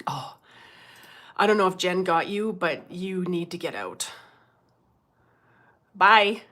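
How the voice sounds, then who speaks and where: A middle-aged woman, hosting a casual livestream as a medium, chatty and quick to laugh, greeting viewers by name. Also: fairly low pitch, sharp tone.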